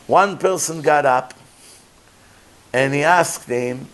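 A man, a rabbi, giving a Torah lecture in emphatic, animated style, dropping Hebrew phrases into non-native English. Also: on the high side, slow, long pauses.

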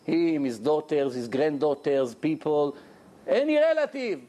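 A man giving a storytelling sermon as a rabbi, animated and asking his audience questions, at a lecture. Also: fairly high pitch, unhurried. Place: lecture room with audience, indoors.

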